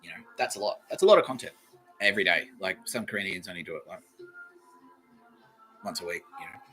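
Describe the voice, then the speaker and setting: A man's voice: low-pitched, animated, fast, a bit bright, soft background music. A man hosting his own podcast, rambling and swearing through a solo monologue that keeps contradicting itself. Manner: profane, rambling, self-contradicting. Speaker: podcast host. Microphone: talking to camera.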